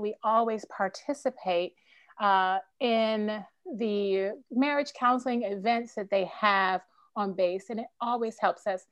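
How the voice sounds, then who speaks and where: A woman's voice: mid-range voice, clean tone, no room sound. A middle-aged woman speaking earnestly and emotionally as a podcast guest. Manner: earnest, emotional, faith-driven storytelling. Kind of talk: candid interview conversation.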